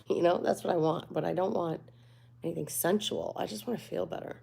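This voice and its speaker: A woman's voice: lowish voice, brisk, vocal fry, dark tone, husky. A woman hosting a casual livestream, chatting candidly and laughing often. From United States. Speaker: livestream host.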